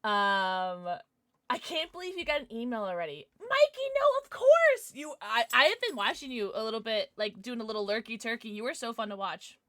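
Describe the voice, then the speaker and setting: A woman's voice: fairly high pitch, expressive, a little fast, sharp tone, no room sound, clean studio sound. A young woman live-streaming, chatting casually and bubbly as she reads her chat aloud, gasping and laughing often.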